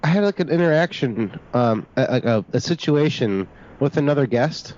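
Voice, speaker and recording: A man's voice: medium pitch, lively intonation, moderate pace, a little mellow. A man making a prank phone call, stammering and indignantly confused. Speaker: prank caller.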